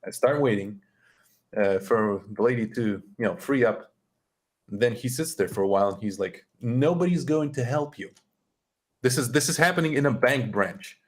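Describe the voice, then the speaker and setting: A man's voice: on the low side, normal speed. A young man on a stream telling a story in a loose, casual way, swearing and sounding exasperated.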